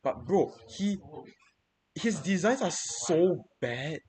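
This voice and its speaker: A man's voice: a little high, sing-song, slow pace, a little mellow. A young man venting in casual chat, swearing freely and rambling through many restarts and repeated words.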